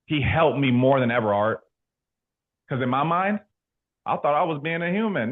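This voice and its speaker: Lively young man, tinny lo-fi sound. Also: on the high side, moderate pace, long pauses. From California. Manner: animated storyteller, slangy, laughs a lot. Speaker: insurance sales trainer. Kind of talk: motivational team talk.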